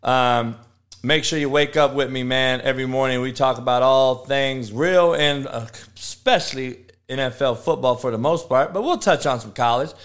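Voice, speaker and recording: A man's voice: mid-range voice, normal speed, a bit bright. A man hosting a morning live-stream football talk show, talking casually and bluntly, with lots of swearing and fillers. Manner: blunt, profane, swaggering. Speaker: sports talk show host.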